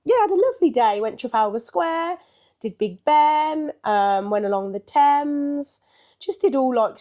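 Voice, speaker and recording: A woman's voice: a little high, warm tone. An older woman, a podcast co-host, telling a story in casual chat with a chatty manner, laughing often and acting out what people said.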